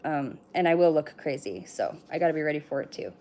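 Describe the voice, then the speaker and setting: A woman's voice: deep voice, expressive, fast talker, few pauses, dark tone. Chatty woman reading oracle cards on a livestream. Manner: chatty, swears casually, talks straight to viewers. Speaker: livestream oracle card reader. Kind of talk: casual livestream card reading.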